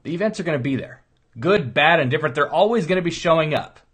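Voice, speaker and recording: A man's voice: fairly high pitch, animated, quick pace, fairly bright tone, husky. A middle-aged man, a chiropractor, giving a rambling, earnest motivational talk in a casual, storytelling way. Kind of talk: motivational monologue.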